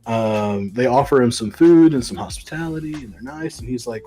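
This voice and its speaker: Casting: male comic podcast co-host, mid-pitched, loose casual chat, faint music under it. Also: normal speed, few pauses, dark tone. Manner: rambling retelling with many ums and likes.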